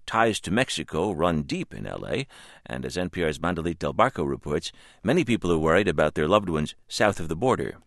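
Male anchor, very deep voice, lively pitch, dry close studio sound. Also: brisk, creaky, dry recording. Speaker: news anchor. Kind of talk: scripted news introduction.

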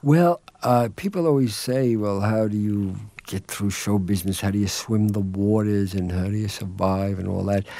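Brief: man in his 50s, low gravelly voice, self-mocking storyteller, dry close sound. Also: normal speed, hardly any pauses, warm tone, no room sound. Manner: self-deprecating, rambling, joking with frequent laughs. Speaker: interview guest, TV writer and director. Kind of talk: casual interview storytelling.

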